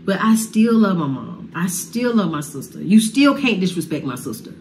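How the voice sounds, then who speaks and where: A woman's voice: on the low side, big pitch swings, normal speed, a little mellow, slight background noise. A woman talking with passion about a family falling-out, heartfelt and casual. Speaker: singer telling her side of a family feud. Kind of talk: emotional sit-down talk.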